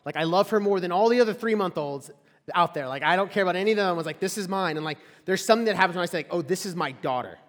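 Rapid-fire and high-voiced, a young man preaches a relaxed, story-centered sermon as a campus ministry speaker. The echoey recording comes from a large hall with a live audience, and he keeps the tone chatty, filled with "like" and questions to the room.

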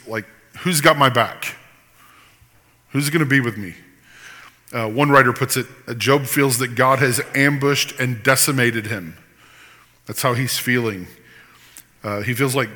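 A man's voice: medium pitch, pushed and bright, big-room sound. A man preaching a sermon as pastor, earnest and sometimes impassioned. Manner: earnest, rises to impassioned pleading at times.

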